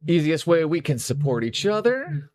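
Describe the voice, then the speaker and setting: A man's voice: on the high side, very animated, moderate pace, darkish tone, no echo, clean studio sound. A Canadian man chatting casually on a live stream while painting, rambling and correcting himself as he goes. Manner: rambling, self-correcting, easygoing.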